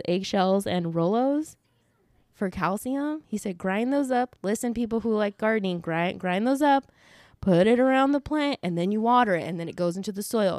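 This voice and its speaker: A woman's voice: medium pitch, darkish tone, dry recording, clean studio sound. A young adult woman hosting a casual podcast, chatty and rambling, laughing often. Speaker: podcast host. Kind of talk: casual chat.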